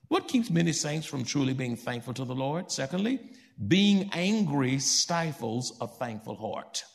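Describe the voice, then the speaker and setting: A man preaching a sermon to his congregation in church, asking them questions and building to emphatic high points. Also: creaky. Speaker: pastor.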